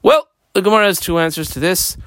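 A man teaching a Talmud page line by line, explaining each phrase and marking up the text as he goes, sometimes quick, sometimes slow and stressed. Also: sits high, fairly bright tone, no echo, clean studio sound. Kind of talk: page-by-page study lesson.

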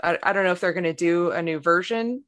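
Hesitant woman with a low voice. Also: quick pace. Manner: hesitant, lots of ums, deadpan asides. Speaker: comics artist, co-host. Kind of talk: casual chat.

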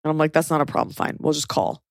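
Speaking fast in a low, monotone voice, a woman in her thirties hosts a podcast and rambles through a story packed with filler words and curses. It's a clean studio recording with no room sound.

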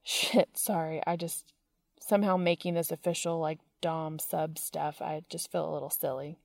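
Flustered young man, breathy and pleading, dark-toned, read by a woman. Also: sits low, fairly even intonation, moderate pace, dry recording, studio quality.

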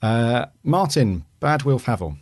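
A man co-hosting a podcast, reading listener reviews aloud in a relaxed way with frequent fillers. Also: mid-range voice, unhurried, no echo, clean studio sound. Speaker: podcast co-host.

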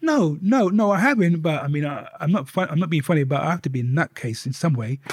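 A man speaking as a guest in a candid life-story interview, an animated storyteller who often repeats his words. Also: a little high, brisk, husky.

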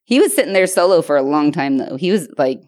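A woman's voice: deep voice, fast, no echo, studio quality. A woman in her thirties co-hosting a podcast, telling a bar story in casual chat, with plenty of "like" and some swearing. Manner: animated storytelling, lots of "like" and swearing. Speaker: podcast co-host.

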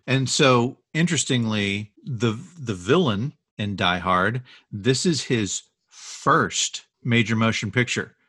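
Husky man telling movie trivia. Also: mid-range voice, slow pace, few pauses, no room sound. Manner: enthusiastic storyteller, animated retellings. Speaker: podcast co-host. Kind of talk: casual chat telling film history.

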